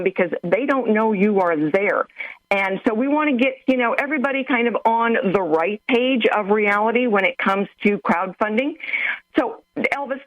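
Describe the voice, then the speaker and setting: A woman's voice: mid-range voice, no room sound, highs cut off. A woman co-hosting a radio interview show, upbeat and chatty as she introduces and questions her guests. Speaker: radio co-host.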